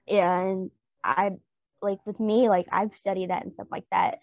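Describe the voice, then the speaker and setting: A woman's voice: medium pitch, flat delivery, moderate pace, gravelly, a little mellow, no echo, muffled recording. A woman co-hosting a podcast, chatting casually about a TV episode and adding explanations. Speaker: podcast co-host. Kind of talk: casual recap chat.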